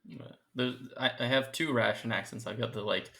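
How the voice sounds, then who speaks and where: A man's voice: medium pitch, a little fast, gravelly, hardly any pauses, pushed and bright. A man co-hosting a casual podcast over a video call, with a wry, hesitant way of talking. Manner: wry, hesitant, dry humor. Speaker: podcast co-host. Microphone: remote call mic.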